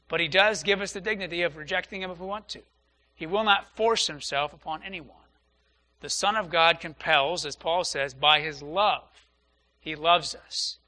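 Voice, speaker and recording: A man's voice: sits high, pushed and bright. A man, a pastor, preaching an earnest Sunday sermon and repeating phrases for emphasis. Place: church.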